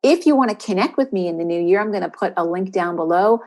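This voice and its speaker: A woman's voice: mid-range voice, animated, fast talker, a little mellow. A woman who is a spiritual coach and podcast host, giving an encouraging inspirational monologue and repeating questions for emphasis.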